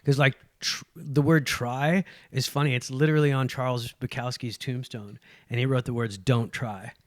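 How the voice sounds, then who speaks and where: A man's voice: mid-range voice, moderate pace, dry recording, studio quality. A man, a guest comedian, chatting casually on a podcast and acting out quotes as he tells stories. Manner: animated storyteller, acts out quotes.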